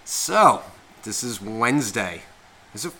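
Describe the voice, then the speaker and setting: A man's voice: on the low side, big pitch swings, takes it slowly, sharp tone, a little hiss or hum. A man co-hosting a podcast, telling a rambling story in casual chat full of swearing. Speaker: podcast co-host.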